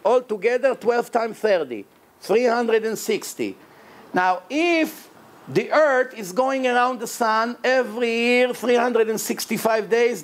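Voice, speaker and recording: Animated rabbi lecturing in English. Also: male voice, very high-pitched. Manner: emphatic, animated lecturing in non-native English. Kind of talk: religious lecture.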